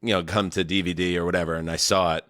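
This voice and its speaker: A man's voice: low-pitched, little pitch movement, fast, a bit bright, no room sound, studio quality. A man hosting a sports podcast, wry and meandering with jokey asides. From New York area. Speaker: podcast host. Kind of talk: casual podcast chat.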